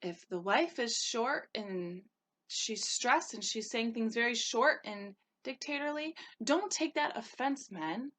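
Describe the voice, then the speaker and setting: A woman coaching her listeners on relationships, talking in an animated way and acting out short quoted exchanges. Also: on the high side, slow. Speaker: holistic life coach. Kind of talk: spoken advice talk.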